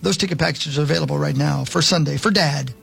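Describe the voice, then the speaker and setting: Gravelly high-voiced radio co-host. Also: male voice, fast, a bit bright. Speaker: radio show co-host reading news. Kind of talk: casual radio banter and news reads.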